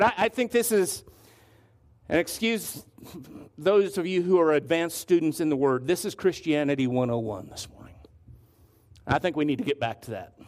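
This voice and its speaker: Male pastor, high voice, emphatic sermon delivery with slow stressed words.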